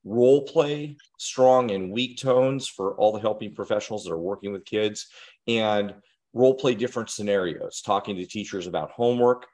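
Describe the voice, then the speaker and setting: Earnest low-voiced male instructor. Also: normal speed, a little mellow. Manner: earnest, direct, addresses listeners with questions. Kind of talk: instructional talk to parents and educators.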